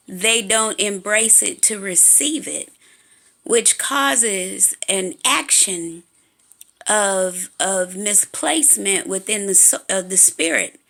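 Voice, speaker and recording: Slow, gravelly, bright-voiced woman. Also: medium pitch. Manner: halting, with many fillers and restarts; earnest, agitated. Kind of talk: personal spiritual monologue.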